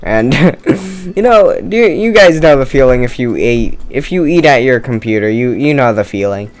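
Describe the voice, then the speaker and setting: A man's voice: mid-range voice, expressive, normal speed. Tired, rambling young man gaming. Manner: rambling, chatty, swears, jokes at himself. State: tired, no caffeine. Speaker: gamer playing a murder mystery game. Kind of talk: casual let's-play commentary.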